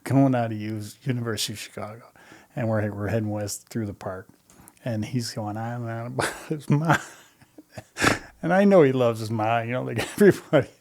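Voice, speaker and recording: A man's voice: medium pitch, a little fast, a little mellow. A man in casual chat, telling a funny story about a friend while laughing as he talks.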